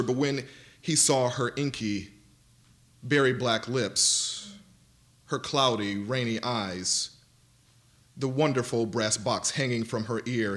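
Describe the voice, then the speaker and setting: A man reads a literary passage aloud to a university audience with a dramatic, shifting delivery. He slows down and lingers on vivid images. He speaks at a middle pitch. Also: fairly bright tone. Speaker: panelist reading aloud. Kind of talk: expressive literary reading. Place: university lecture event.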